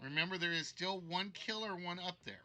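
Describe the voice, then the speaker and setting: A man's voice: high voice, fairly quick, sharp tone. A man hosting a live-streamed trivia game show, joking and teasing the contestant.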